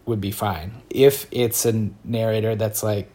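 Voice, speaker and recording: Low-voiced man musing in casual chat. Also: fairly even intonation, unhurried, mellow. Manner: reflective, qualifies his points. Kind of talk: casual discussion.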